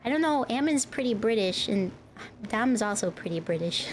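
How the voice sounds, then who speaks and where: A woman's voice: fairly high pitch, animated, normal speed, slight background noise. Chatty woman streamer, rambling. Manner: rambling, chatty, talks to chat. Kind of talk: casual live-stream chat.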